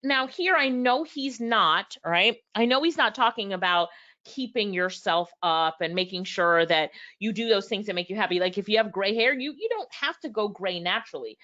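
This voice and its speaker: A woman's voice: medium pitch, lively intonation, moderate pace, sharp tone, highs cut off. A woman reviewing a book live, reading passages aloud and talking straight to her viewers, acting out both sides of past conversations. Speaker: book reviewer and business owner.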